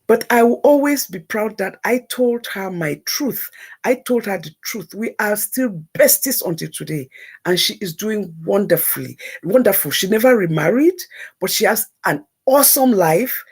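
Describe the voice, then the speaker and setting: Woman, husky, mid-range voice, emotional storyteller, animated, repeats herself. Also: mid-range voice, normal speed. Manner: animated, repeats phrases for emphasis. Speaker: guest telling a personal story.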